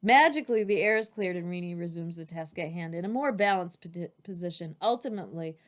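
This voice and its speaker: A woman reading a book aloud at home in a steady manner, pausing for casual asides. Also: lowish voice. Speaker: reader. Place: home, with dogs nearby.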